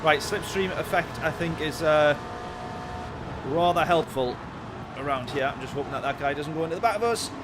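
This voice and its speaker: A man commentating live on a sim-racing stream, chatting with viewers in his chat and getting excitable in the race. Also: on the high side, moderate pace, background noise. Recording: game music behind voice. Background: game music and car engine sounds.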